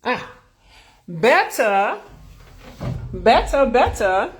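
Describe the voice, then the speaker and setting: A woman's voice: fairly high pitch, lively intonation, slow pace, pauses often, a bit bright, slight background noise. A woman chatting casually on a live stream from her home loft, calling her viewers babies and honey. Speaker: livestream host.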